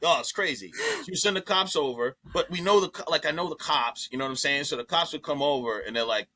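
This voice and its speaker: A comedian guest telling a story in casual chat, profane and animated, jumping into other people's voices as he goes. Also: medium pitch, quick pace, few pauses.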